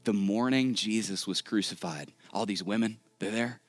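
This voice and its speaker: A male pastor from Texas preaching a sermon to a big church room in a conversational, joking, animated way. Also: lowish voice, normal speed, faint music behind. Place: large church auditorium.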